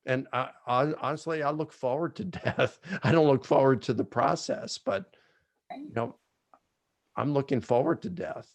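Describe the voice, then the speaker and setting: A man's voice: mid-range voice, moderate pace, no echo. A man, a guest author, reflecting on grief and hope in a Q&A in a heartfelt, reflective way. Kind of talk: personal reflection in a Q&A.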